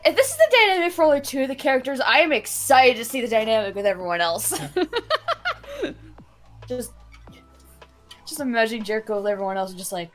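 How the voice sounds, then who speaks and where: A woman with a fairly high voice talks eagerly in a casual chat with friends, often restarting her sentences as she thinks aloud. Soft music plays underneath. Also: animated, brisk, long pauses.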